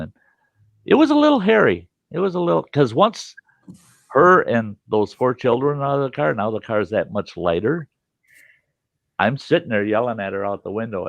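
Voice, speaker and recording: Gravelly-voiced man telling a folksy tale. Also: lowish voice, dry recording, highs cut off. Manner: animated, folksy, swears casually, chuckles through his tales. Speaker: podcast host. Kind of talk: casual storytelling.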